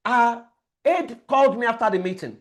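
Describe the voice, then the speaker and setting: A man's voice: extremely high pitch, normal speed. A man, a family life coach giving an emphatic motivational training lecture, repeating key words as he tells stories.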